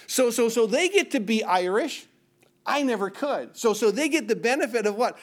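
A high-voiced middle-aged man preaching with emphasis. He keeps asking the room questions and answering them himself in a sermon rhythm. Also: expressive, moderate pace. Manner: call-and-response questions, emphatic. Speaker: pastor.

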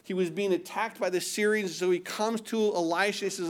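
A man with a high voice preaches a sermon. He keeps asking his listeners if they understand, and he repeats his phrases. He slips into quoted voices as he acts out the people in his stories. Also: fairly even intonation, fast talker, hardly any pauses. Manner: repetitive, rhetorical questions, acts out voices. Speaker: pastor.

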